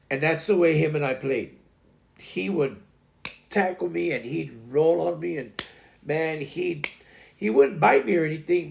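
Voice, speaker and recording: A man's voice: fairly high pitch, gravelly. A man hosting a casual livestream from home, rambling loosely and talking to his dogs. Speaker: host.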